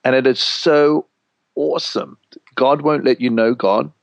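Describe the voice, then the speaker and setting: A man in casual spiritual conversation, telling stories with animated swings and freely dropping swear words. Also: mid-range voice, unhurried, creaky, dry recording. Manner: animated storyteller, swears freely, mimics voices for effect.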